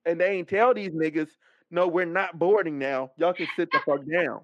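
High-voiced man ranting with profane gusto. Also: normal speed, no room sound. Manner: animated, profane, acts out quoted dialogue. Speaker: podcast host. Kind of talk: casual storytelling rant. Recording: dull, dry lo-fi mic sound.

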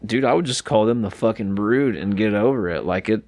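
A man's voice: on the low side, a little fast, a little mellow, no echo. A man co-hosting a wrestling podcast in casual chat, telling long rambling stories full of swearing. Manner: profane, rambling storyteller. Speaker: podcast co-host.

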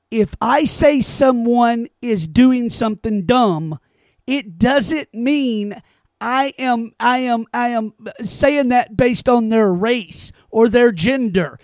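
A man's voice: extremely high pitch, dry recording. A man giving an opinion monologue in an emphatic, rhetorical way, often repeating his phrases. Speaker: commentator.

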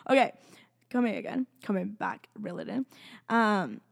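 Speaking into her own close mic, a young woman at student age opens up to the camera about her faith and emotions. Her medium-pitched voice is animated and gravelly at a moderate pace; she rambles, says "like" constantly, and sometimes drops to a soft whisper.

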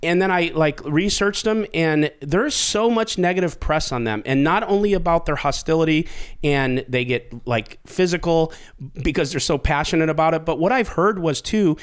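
A man's voice: fairly high pitch, moderate pace, clean tone. A man hosting a podcast, telling a story in casual chat with lots of swearing and laughter. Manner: animated, swearing, laughs at his own story. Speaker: podcast host.

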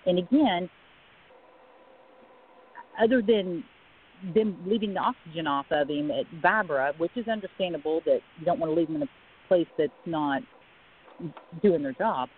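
A woman's voice: on the low side, lively intonation, moderate pace, pauses often, a little hiss or hum. A woman, a guest telling her own story in a radio interview and quoting the people involved. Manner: conversational, quoting others in a retold story. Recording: phone line, husky.

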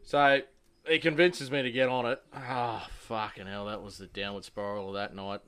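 A man's voice: on the low side, little pitch movement, moderate pace, fairly bright tone, clear, resonant tone. A young Australian man telling a rowdy pub story in casual chat, swearing heavily and acting out the lines he quotes. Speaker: podcast host.

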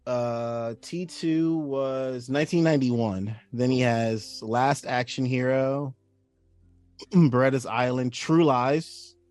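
A young man co-hosting a movie podcast, excitable and laughing, with plenty of "bro" and "dude". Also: medium pitch, slow, dry recording, faint music behind. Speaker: podcast co-host. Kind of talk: casual film chat.

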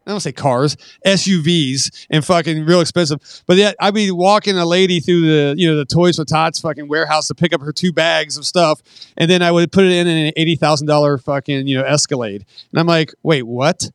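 A man's voice: a little high, fairly even intonation, a little fast, clean tone, no echo. A retired Marine man in his forties telling rambling, profane war stories in a casual podcast interview.

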